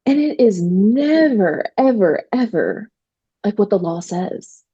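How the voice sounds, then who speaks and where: A woman attorney telling stories in a casual interview, animated, quoting herself and using many fillers. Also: medium pitch, takes it slowly, slightly rough, lo-fi sound. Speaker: trademark attorney guest.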